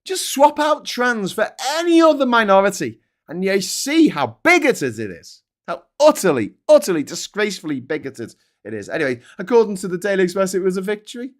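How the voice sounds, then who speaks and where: A man's voice: sits high, sing-song, brisk, hardly any pauses. A middle-aged man hosting a casual morning show, reviewing headlines in a sweary, sarcastic and openly vexed way. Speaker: host. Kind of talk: casual commentary on newspaper headlines.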